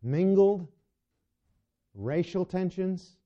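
A man's voice: high-pitched, lively intonation, very slow. A male preacher delivering a sermon to a congregation, asking them questions and often restarting his sentences. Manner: asks the congregation rhetorical questions, stumbles and restarts. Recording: dull lo-fi recording.

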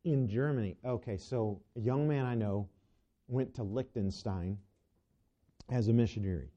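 A man's voice: medium pitch, moderate pace, mellow. A male preacher delivering a sermon to a congregation, asking them questions and often restarting his sentences. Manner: asks the congregation rhetorical questions, stumbles and restarts. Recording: dull lo-fi recording.

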